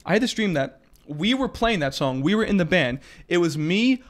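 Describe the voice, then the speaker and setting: A man's voice: high voice, very animated, normal speed. A young man co-hosting a casual podcast, telling a story with lots of laughing and swearing. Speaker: podcast co-host.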